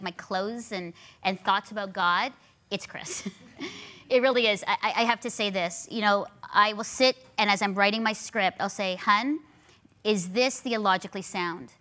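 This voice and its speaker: A woman in her forties, hosting a show and talking casually on stage about her marriage and work, with animated, emphatic repetition. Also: mid-range voice, moderate pace. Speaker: show host. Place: studio stage with live audience.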